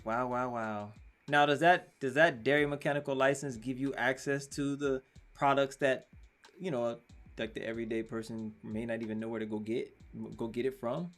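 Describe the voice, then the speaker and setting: A man's voice: medium pitch, fairly even intonation, moderate pace, a bit bright. A man hosting a casual interview, encouraging his guest with frequent affirmations. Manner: encouraging, lots of "wow" and "yeah". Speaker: show host.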